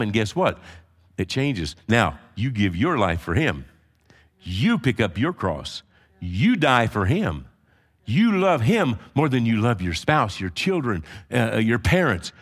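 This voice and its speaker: A man preaching a conversational sermon to his congregation, swinging between quiet asides and loud emphatic peaks, teasing the crowd. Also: fairly low pitch. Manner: teasing the congregation, frequent fillers and restarts. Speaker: pastor. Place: church sanctuary before a live congregation.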